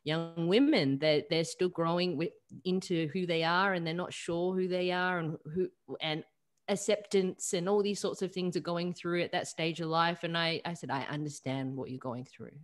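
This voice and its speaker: Low-voiced woman coach on a video call. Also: normal speed. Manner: animated storyteller, acts out quoted clients. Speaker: holistic coach, guest. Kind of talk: conversational interview over video call.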